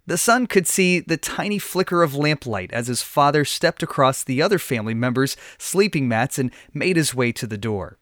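A man hosting a children's Bible lesson podcast, reading a story aloud in a clear, friendly storytelling voice. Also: medium pitch, sing-song, moderate pace, hardly any pauses, fairly bright tone, dry recording, clean studio sound. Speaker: podcast lesson host and narrator. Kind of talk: scripted narration.

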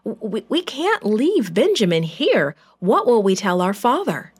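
A woman voicing a group of worried adult brothers, speaking higher and pleading anxiously. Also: wildly swooping pitch, unhurried, husky, heavily acted.

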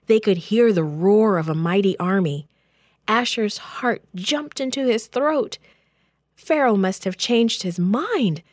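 A woman tells a children's Bible story in a gentle, expressive read-aloud manner. She takes her time and lets each phrase land slowly. The sound is dry and close to the mic. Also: medium pitch, no echo.

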